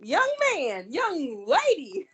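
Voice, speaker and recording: A woman with a high voice that leaps up and down as she talks. She is a guest in a casual chat with an old friend, teasing her and laughing easily. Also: wildly swooping pitch, slow, fairly bright tone. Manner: laughs a lot, teasing reactions.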